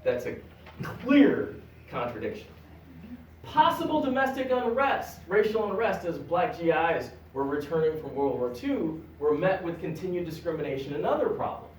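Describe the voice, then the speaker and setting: Man, public library lecture, lively up-and-down delivery, recorded from afar in a roomy hall. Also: fairly high pitch, normal speed, slight background noise. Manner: animated, jokes with the audience. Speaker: guest lecturer. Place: public library meeting room. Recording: echoey room, recorded from a distance.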